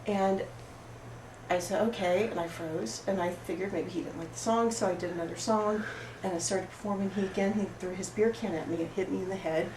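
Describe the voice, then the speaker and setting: An actress playing an oversensitive, apologetic woman at a support group, rambling through an improvised monologue in a rough, emotionally raw way. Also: medium pitch, steady tone, brisk, close to an everyday voice. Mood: wounded. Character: oversensitive, apologetic woman pouring out her woes. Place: roomy studio space. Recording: echoey room, far mic, background noise.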